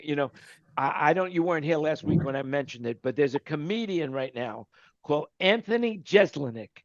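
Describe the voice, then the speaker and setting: A man hosting a casual online panel chat. He talks in a jokey, rambling way and trails off quietly at the ends of his lines. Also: on the high side, dry recording. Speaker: host. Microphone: video call. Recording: dull dry call audio.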